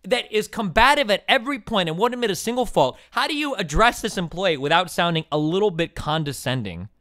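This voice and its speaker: A young man arguing hard on a live stream, exasperated and sarcastic, with profanity thrown in. His slightly high voice swoops widely as he rants. The sound is dry and close. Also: animated, a little fast, a bit bright, no echo. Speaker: streamer host. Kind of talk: heated live-stream argument.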